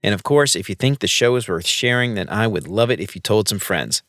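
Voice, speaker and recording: A man's voice: on the low side, lively intonation, brisk, a bit bright, dry recording. Brief: male podcast host, easygoing and slangy, dry close mic. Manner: upbeat, laid-back, slangy. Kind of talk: casual podcast chat.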